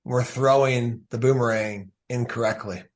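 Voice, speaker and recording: A man's voice: medium pitch, fairly even intonation, unhurried. Reflective male podcast co-host. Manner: reflective, thinks aloud with playful asides. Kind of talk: casual interview conversation.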